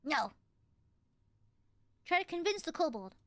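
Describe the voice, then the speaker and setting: A woman streaming a game, reading the text aloud in an animated, casual way and swearing now and then. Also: high-pitched, moderate pace, dry recording.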